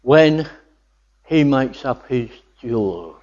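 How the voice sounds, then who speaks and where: A man's voice: mid-range voice, lively intonation, slow pace, a little mellow. An older man preaching a sermon, earnest and building to enthusiastic exclamations of wonder. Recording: dull lo-fi recording.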